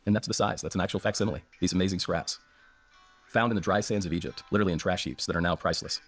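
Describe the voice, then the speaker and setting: A man's voice: low-pitched, very fast, fairly bright tone, faint music behind. An American man, a scholar guest in an interview, explaining and telling stories with eager enthusiasm. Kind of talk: enthusiastic lecturing interview talk.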